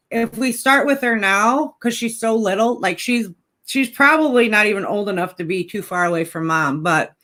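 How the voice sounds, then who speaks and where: Woman vlogger, bright tone, rambling casual chat at home. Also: mid-range voice. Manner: chatty, rambling, coos to a puppy. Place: home indoors.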